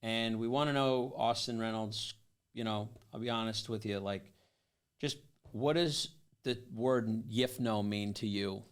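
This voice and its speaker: A man's voice: lowish voice, fairly even intonation, unhurried, smooth. A young man hosting a podcast, chatting in a laid-back way with some swearing. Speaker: podcast host. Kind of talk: casual chat.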